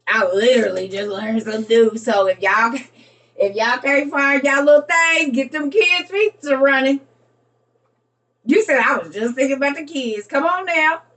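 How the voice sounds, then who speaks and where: A woman, chatting casually with her live stream viewers and talking to them as y'all. She gets excitable, breaks into laughter and has a young son. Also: high voice, moderate pace, far from the mic. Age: adult with a young son.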